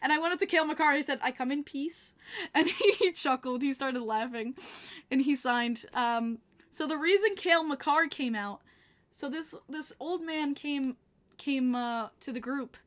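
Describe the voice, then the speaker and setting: A high-voiced young woman speaking at normal speed, she hosts a podcast in a Long Island accent. Her casual storytelling is bubbly and full of laughter.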